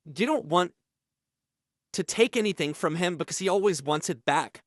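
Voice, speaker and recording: A man voicing a male inmate in the next cell who gives low, flat, ominous warnings. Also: normal speed, no echo, clean studio sound. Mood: ominous hush.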